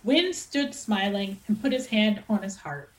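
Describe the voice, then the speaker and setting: A woman author reads a passage of her own novel, her voice lively and moving widely in pitch. The delivery is expressive and dramatic. The recording has an echoey room sound. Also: a little slow.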